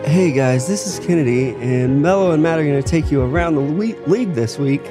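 A man voicing an upbeat male announcer persona for a podcast intro, in a raised, lively delivery. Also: fairly high pitch, brisk, over music, pitched above the performer's own voice, close to an everyday voice.

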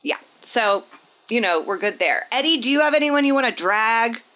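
A woman stand-up comic co-hosting a casual podcast chat. She jumps in with quick, playful remarks. Her voice is bright and swings widely in pitch. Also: lively intonation.

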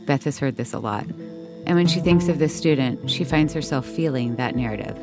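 Female documentary narrator, very low voice, measured scripted read, music bed. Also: animated. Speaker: podcast narrator.

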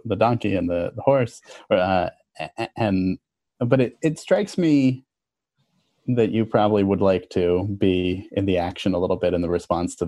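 Male podcast host, low pitch, dry close sound, friendly and slightly hesitant questions. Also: dark tone, no room sound. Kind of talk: podcast interview.

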